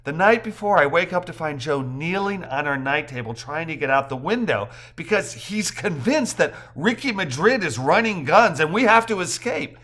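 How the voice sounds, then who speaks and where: A man reading the part of a chatty young wife, telling a story with brisk amusement. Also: on the high side, animated, a bit bright, pitched above the performer's own voice. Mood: amused.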